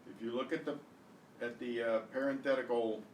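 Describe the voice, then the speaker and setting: A male teacher runs an online beginner lesson, sounding out each word slowly and with deliberate exaggeration. His voice sits at an ordinary pitch. The mic is set back in a roomy, echoing space with a faint hiss underneath. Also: fairly even intonation. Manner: repeats words slowly with exaggerated pronunciation. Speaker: Spanish teacher. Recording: echoey room, distant mic, faint hiss.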